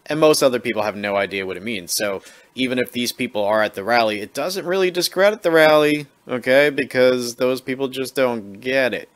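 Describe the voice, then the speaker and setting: A man's voice: medium pitch, fairly quick, a little hiss or hum. A man giving casual vlog commentary, chatty and sarcastic, correcting himself as he goes. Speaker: video blogger.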